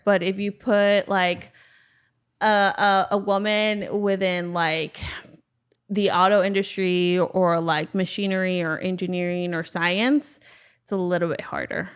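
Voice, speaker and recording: A young woman answering questions as a podcast guest, relaxed, with many fillers. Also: fairly low pitch, a little slow, clean tone. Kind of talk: casual interview answers. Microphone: studio microphone.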